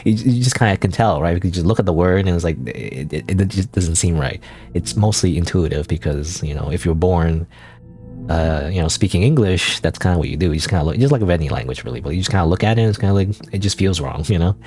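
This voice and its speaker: A man's voice: low voice, expressive, fast, darkish tone. A man streaming a game, chatting casually in a rambling way full of fillers and self-corrections. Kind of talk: casual let's-play commentary.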